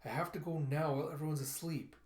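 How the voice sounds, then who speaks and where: Brief: earnest orphan boy, stubborn, read by a man, fairly high voice, echoey room. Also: steady tone, fast talker, a little mellow, close to an everyday voice. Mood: determined. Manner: read-aloud comic dialogue, little voice change. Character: earnest orphan boy, later determined teen. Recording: roomy echo.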